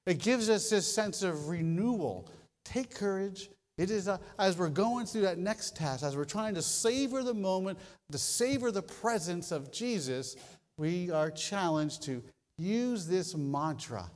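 A man with a fairly high voice delivers a sermon from the pulpit. He tells stories with animated emphasis and repeats short lines for effect. His voice rings with the long reverb of a large church hall. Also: a little slow. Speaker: pastor.

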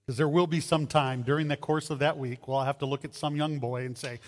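A man preaching a sermon as a pastor, animated, acting out voices in his stories. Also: on the high side, a little fast. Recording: long hall reverb.

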